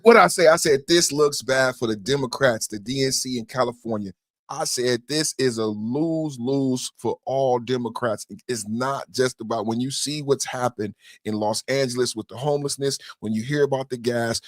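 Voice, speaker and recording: A man hosting a political podcast, excitable and shouty, repeating hype phrases over and over. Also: mid-range voice, moderate pace, dry recording. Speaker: podcast host. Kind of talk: hyped political commentary.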